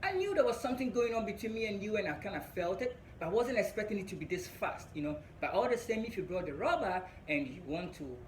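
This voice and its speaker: A young Ghanaian man doing stand-up storytelling, animated and laughing at his own story. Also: sits high, echoey room, slight background noise, poor audio. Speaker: stand-up comedian.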